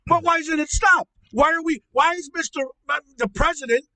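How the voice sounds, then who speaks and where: A man playing an angry middle-aged uncle in a comedy podcast, ranting loudly, swearing and stammering. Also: very high-pitched, moderate pace, no room sound, full character voice. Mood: furious ranting. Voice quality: shouty, profane, stammering. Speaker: podcast co-host. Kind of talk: comedic rant.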